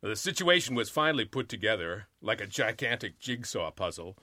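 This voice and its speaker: Male actor narrating comedy, animated, bright and crisp in a dry room. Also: lowish voice, a little fast, no echo. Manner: lively animated storytelling. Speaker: actor reading a story. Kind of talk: expressive comic story narration.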